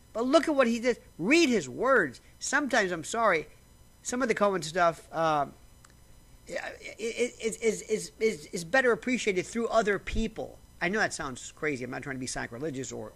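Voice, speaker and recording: Sitting at a simple home setup, a male vlogger talks casually to camera, rambling animatedly and frequently starting his sentences over. He slurps coffee as he goes. His voice is high and creaky, and he keeps a moderate pace.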